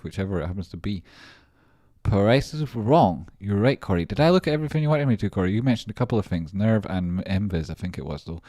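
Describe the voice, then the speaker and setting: Deep-voiced, rambling, jokey male streamer. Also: brisk, no echo, studio quality. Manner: rambling and jokey, bursts of excitement; reading out supporter names. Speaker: livestream host, trader. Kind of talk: casual livestream chat.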